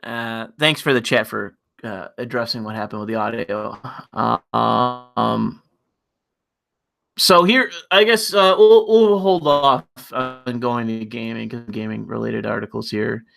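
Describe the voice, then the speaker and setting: A man's voice: medium pitch, a little slow, vocal fry, fairly bright tone. A man hosting a livestream, ranting casually in a profane, rambling, mocking way. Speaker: livestream host.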